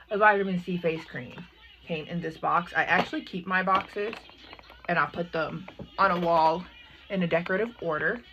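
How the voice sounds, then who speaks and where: A young adult woman chatting excitedly as a makeup vlogger, full of asides and "like". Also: fairly low pitch, dull audio, a little hiss or hum. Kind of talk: casual unboxing chat.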